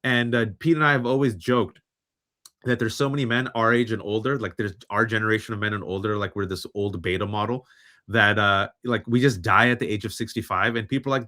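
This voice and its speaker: A man in his forties hosting a livestream and talking about men and mental health, animated and often mimicking other people's voices. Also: on the low side, fairly quick. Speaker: host. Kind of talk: livestream commentary.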